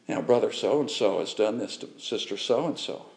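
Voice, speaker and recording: A man's voice: lowish voice, lively intonation, moderate pace, gravelly, hardly any pauses, darkish tone. A middle-aged male pastor preaching a sermon in an earnest way, building to emphatic repetition.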